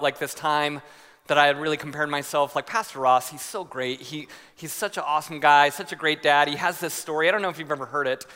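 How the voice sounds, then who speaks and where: A man preaching a sermon, telling a story with lively voices. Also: fairly high pitch, clean tone. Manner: storytelling with animated voices and laughter. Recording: reverberant hall.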